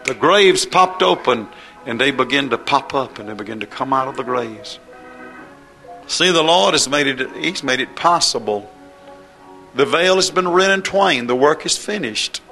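A man's voice: medium pitch, sharp tone. A man preaching a sermon with an impassioned, rising and falling cadence.

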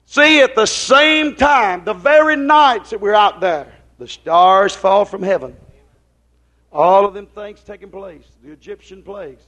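High-voiced preacher. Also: male voice, fairly bright tone. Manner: folksy, rambling, drops into quoted dialogue; questions the congregation often. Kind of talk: sermon.

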